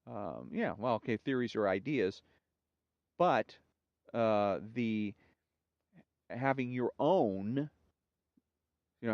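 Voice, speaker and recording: A man's voice: lowish voice, dry recording, lo-fi sound. A man hosting a monologue, rambling with fillers and then reading jokes aloud. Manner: halting, many fillers and restarts.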